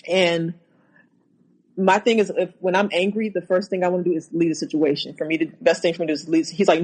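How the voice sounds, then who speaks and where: A woman's voice: on the low side, fairly even intonation, darkish tone, low-quality recording. Woman recounting a painful relationship. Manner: halting, repeats words, acts out quotes. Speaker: guest. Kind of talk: personal account in a podcast interview.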